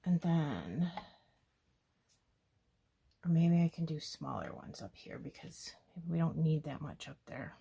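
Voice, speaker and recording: A woman with a low, gravelly voice and a husky edge talks her way through a scrapbook page. She chats casually and thinks aloud as she works, her words often sinking to a soft murmur. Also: sing-song, slow pace, long pauses. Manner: chatty, thinking aloud while working. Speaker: scrapbooking video host. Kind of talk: casual crafting talk-through.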